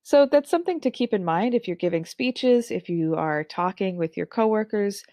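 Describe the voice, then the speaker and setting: A woman in her thirties teaching an online speaking course, with clear, carefully articulated and expressive delivery. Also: medium pitch, normal speed, no echo. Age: 30s. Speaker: instructor.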